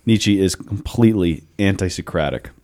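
Male podcast host in his thirties, very deep voice, lively storyteller, casual chat. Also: moderate pace. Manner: storytelling, animated, laughs often. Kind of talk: casual philosophical discussion.

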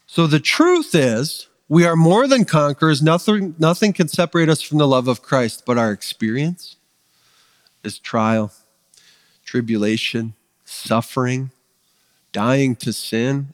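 A man's voice: medium pitch, no room sound, in a large hall. A man preaching a sermon as pastor, earnest and conversational, building his points with emphatic rising lists. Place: church sanctuary.

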